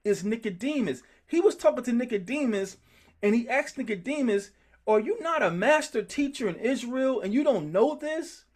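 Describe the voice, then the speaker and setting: A man's voice: very high voice, normal speed. A man leading a group scripture study, talking in an emphatic, worked-up way. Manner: animated, emphatic, gets worked up. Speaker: Bible study teacher.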